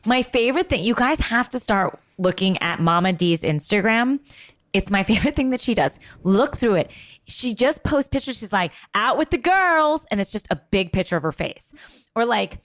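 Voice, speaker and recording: A woman co-hosting a podcast, chatting casually and gossiping with quick quoted asides. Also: mid-range voice, lively intonation, dry recording, clean studio sound. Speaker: podcast co-host. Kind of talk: casual chat about reality TV.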